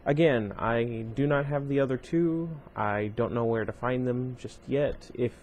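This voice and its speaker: A man's voice: medium pitch, unhurried, darkish tone, slight background noise. A man casually reading a novel aloud at home, breaking off often for rambling side comments full of fillers. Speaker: reader of a book series.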